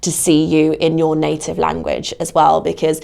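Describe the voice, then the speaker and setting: A woman's voice: low voice, completely flat delivery, normal speed, gravelly, warm tone. A woman giving career advice in a podcast interview, talking conversationally with lots of "you know". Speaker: guest, casting platform adviser.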